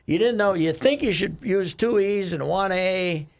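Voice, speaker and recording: A man hosting a radio sports talk show, rambling and animated in casual chat, with a gravelly voice. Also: high-pitched, unhurried. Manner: rambling, animated, laughs often. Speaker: radio host.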